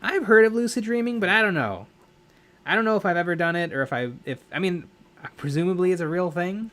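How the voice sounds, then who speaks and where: This livestream host is a young man painting miniatures as he talks, with a high, expressive, fairly bright voice at a slightly fast clip. He rambles casually, keeps correcting himself, and laughs a lot.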